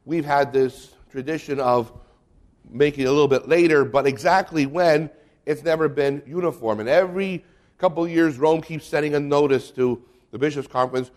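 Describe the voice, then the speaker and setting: A man's voice: moderate pace, darkish tone. A man, a Catholic priest, teaching about confirmation in a humorous, conversational way and reading aloud from the catechism. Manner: humorous, mimics bishops and kids, drops voice low for asides.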